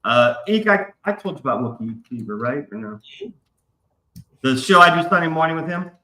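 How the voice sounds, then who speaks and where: A man hosts a casual live stream, swearing freely as he rambles through a long story. His voice is bright and forward. The room gives it a noticeable echo. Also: on the high side, animated, normal speed. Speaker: stream host. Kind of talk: casual chat.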